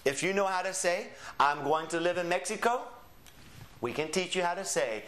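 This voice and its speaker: A man's voice: sits high, expressive, normal speed, a bit bright. A man explaining a Spanish course in a chatty, explanatory way, dropping in Spanish phrases as examples. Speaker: Spanish teacher. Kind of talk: promotional course lesson.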